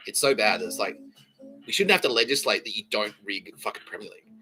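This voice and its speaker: A man's voice: on the low side, lively intonation, fast, sharp tone, poor audio. A man hosting a podcast in a rambling, profane, jokey comedic monologue. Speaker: podcast host. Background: faint background music.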